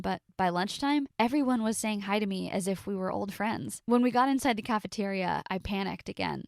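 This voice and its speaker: A woman in her twenties narrating a first-person story in a confessional tone, with dramatic pauses. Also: medium pitch, vocal fry, no echo, studio quality.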